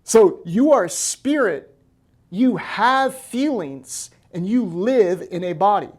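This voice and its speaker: An American man in the role of pastor, preaching a lively sermon and acting out quoted voices. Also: high voice, slow.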